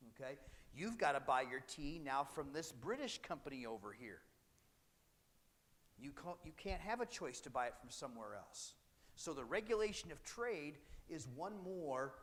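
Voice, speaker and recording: A man teaches history to a class in a casual, conversational manner, slipping into little voices for the people he quotes. His voice sits a bit high for a man. The sound trails off in the long reverb of a big hall. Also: a bit bright. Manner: conversational, acts out British and colonist voices. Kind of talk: classroom lecture.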